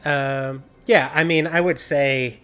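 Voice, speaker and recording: A man narrating as game master of a tabletop game online, animated and often laughing, with many fillers. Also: medium pitch, takes it slowly, clean tone, soft background music.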